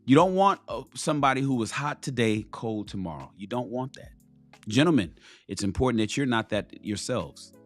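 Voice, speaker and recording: A man with a mid-range voice talks bluntly and swears freely as he lectures other men on dating. He drives home his points by repeating words over and over, and faint music plays underneath. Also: mid-range voice. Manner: emphatic, repeats key phrases for stress. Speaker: host giving dating advice to men. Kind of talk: blunt, profane motivational talk.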